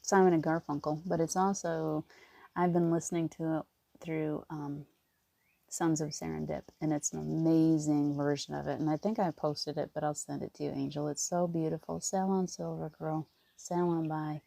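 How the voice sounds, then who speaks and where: Gravelly low woman, gentle encouragement. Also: flat delivery, moderate pace, no echo. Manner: rambling, with many restarts. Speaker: spiritual reader. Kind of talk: casual livestream talk.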